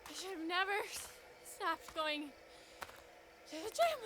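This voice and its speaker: A breathless, whiny video game character, very high-pitched and swooping. She drags her words slowly, with clear noise behind her. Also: exaggerated voice. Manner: pleading, whiny. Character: whiny out-of-shape woman, panting. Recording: game audio with steady noise.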